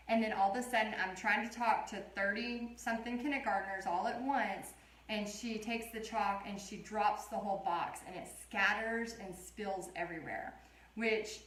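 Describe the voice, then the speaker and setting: A woman's voice: medium pitch, a bit bright. A woman in her thirties, an art teacher chatting and telling stories while she leads a casual live painting tutorial. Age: 30s. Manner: chatty, rambling storyteller. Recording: roomy echo.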